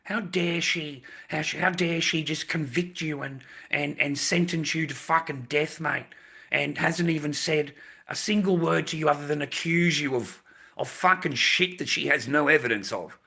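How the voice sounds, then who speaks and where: A man rants on a live stream in a gravelly, husky voice with a tense, sharp edge. He is agitated, circles back to the same phrases, stammers and swears as he talks. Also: fairly high pitch, normal speed. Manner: agitated, repeats phrases, swears, stumbles over words. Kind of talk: emotional livestream rant.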